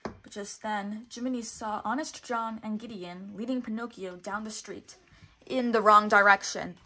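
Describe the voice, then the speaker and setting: A woman, a teacher, reading a children's storybook aloud in a clear, expressive way. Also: mid-range voice, normal speed. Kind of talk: storybook read-aloud narration.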